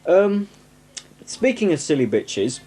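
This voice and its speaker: Filmed at home on a 1990s camcorder, its microphone on a tripod, a young northern English man chats happily about his collection. He speaks slowly in a slightly mellow, higher voice, very animated, poking fun at himself and wandering into asides.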